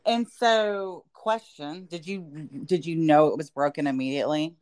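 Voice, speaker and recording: A woman's voice: sits low, animated, moderate pace, darkish tone, dry recording. A woman hosting a casual chat podcast, asking questions, offering support and saying "mm-hmm" often. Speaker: podcast host.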